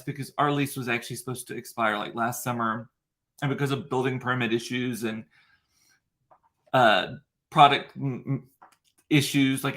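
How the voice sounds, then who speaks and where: A male livestream host with a mid-range, fairly bright voice tells a long story casually from his computer, full of fillers, restarts and emotion. He speaks into a computer mic set in front of a ring light.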